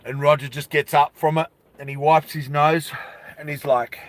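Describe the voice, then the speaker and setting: A man telling a story in a casual vlog, animated, with asides to his viewers. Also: a little high, normal speed.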